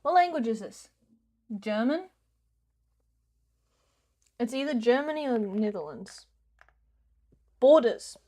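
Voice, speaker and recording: A woman's voice: a little high, lively intonation, slow, pauses often, warm tone. A young woman with a New Zealand accent, streaming a guessing game in casual commentary, jokey, swearing freely and slipping into mock rants.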